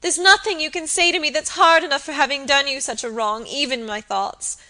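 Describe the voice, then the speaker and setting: A woman voicing a distraught young maid who pleads and sobs in a high, loud, frantic voice. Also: a little fast. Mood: pleading.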